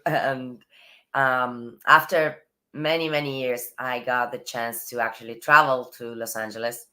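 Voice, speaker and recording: Argentine woman w a really deep voice for a lady, spanish is her first language, chatting thoughtfully, little laughs here and there. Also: bright, forceful tone. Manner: thoughtful, laughs between phrases. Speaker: actress, guest. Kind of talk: casual interview talk.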